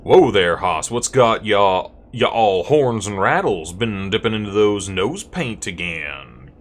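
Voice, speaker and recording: A man's voice: lowish voice, expressive, slow. A man doing a drawling Old West cowboy. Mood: folksy. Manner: drawling, slangy.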